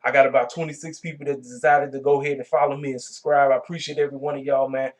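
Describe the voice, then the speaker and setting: A man hosting his own wrestling review vlog, talking casually and reacting with animated disbelief. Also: mid-range voice, rapid-fire. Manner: animated, colloquial, exclaiming in disbelief. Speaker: wrestling review channel host.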